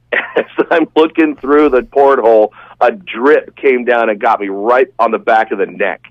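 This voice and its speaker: A man's voice: mid-range voice, measured pace, dry recording. A man telling a long, rambling, enthusiastic story as a guest in a casual podcast chat. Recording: dull, dry, lo-fi sound.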